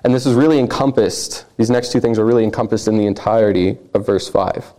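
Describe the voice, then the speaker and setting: A man's voice: lowish voice, quick pace, mellow. A man preaching a sermon, reading scripture aloud with earnest emphasis.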